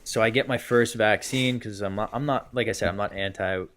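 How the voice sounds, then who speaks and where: A young man who plays hockey co-hosts a casual podcast, speaking fairly quickly in a fairly low, slightly bright voice. He tells a rambling story packed with fillers like "whatever" and "blah, blah."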